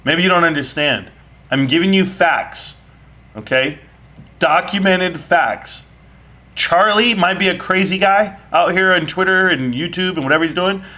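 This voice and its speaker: Loud mocking guy hosting a live stream chat, bright edgy voice, talks fast and teasing. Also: sits high. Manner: brash, mocking, animated. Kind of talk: heated casual debate. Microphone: online audio chat.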